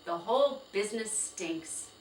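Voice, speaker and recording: A woman voicing a steady sensible boy apprentice. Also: mid-range voice, measured pace, close to an everyday voice. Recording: roomy, distant, faint hiss.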